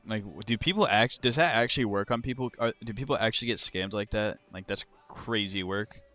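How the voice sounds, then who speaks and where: A young man live-streaming crypto trades, chatting casually to his viewers and ranting about his moves with swearing and sudden loud outbursts. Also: lowish voice, brisk. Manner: frustrated, swearing, rambling, bursts of loud outrage.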